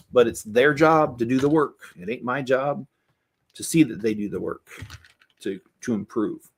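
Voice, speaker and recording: Rambling middle-aged man chatting while building. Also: mid-range voice. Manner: rambling, candid, many restarts and asides. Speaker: Lego builder and channel host. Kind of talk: casual chat while building.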